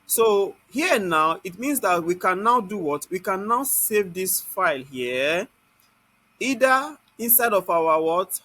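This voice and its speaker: A man with a Nigerian accent leads a live online software class. He keeps asking the class "what?" and then answers it himself. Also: high-pitched, animated, slow pace, no room sound. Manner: scolds students in Nigerian Pidgin.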